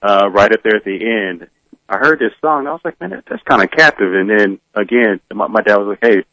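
A man co-hosting a sports radio show from a distance, reflective and halting. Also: lowish voice, pushed and bright, no echo, dull audio. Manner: halting, reflective, many restarts. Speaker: co-host. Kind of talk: remote radio commentary.

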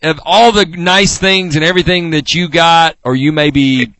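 A man's voice: a little high, fairly even intonation, measured pace, fairly bright tone, no room sound. A male radio host rambles through a teasing comedy bit, packed with fillers and restarts. He sits close to a studio mic, and the sound is dry and dead.

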